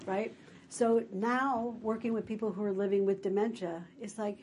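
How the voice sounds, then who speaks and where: A woman's voice: medium pitch, fairly even intonation, moderate pace, a little mellow, a little hiss or hum. A woman presenting a workshop on dementia care, acting out what a caregiver might say. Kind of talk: workshop talk.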